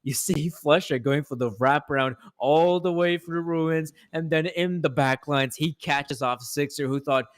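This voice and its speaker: A man's voice: on the high side, measured pace, few pauses. A man casting a live esports match, explaining rounds in an analytical, joking way. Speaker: esports caster. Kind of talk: live play-by-play commentary.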